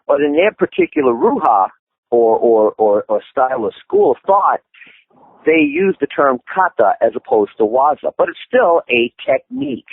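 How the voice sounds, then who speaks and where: A man's voice: mid-range voice, big pitch swings, normal speed, gravelly, dry recording. A man, a martial arts instructor, explaining at length in an interview, with many restarts and fillers. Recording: tinny phone-line audio, dry.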